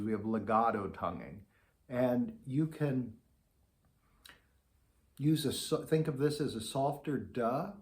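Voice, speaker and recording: This middle-aged man teaches a patient beginner trombone lesson in a mid-range, darkish voice. He demonstrates the articulation syllables by saying them aloud.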